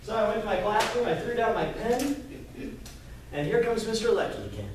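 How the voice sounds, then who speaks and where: A man from Kentucky giving a lively storytelling pitch to a live audience, acting out the dialogue as he goes. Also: brisk, a little hiss or hum. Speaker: entrepreneur presenter. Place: live event room, indoors. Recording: echoey room, mic far off.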